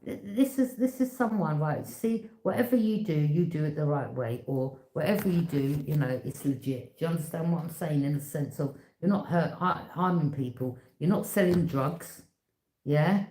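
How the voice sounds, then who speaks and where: A woman's voice: sits low, normal speed, dark tone. A woman giving a casual tarot reading, talking bluntly and with emphasis, repeating herself and speaking straight to the viewer. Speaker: tarot reader. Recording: echoey room.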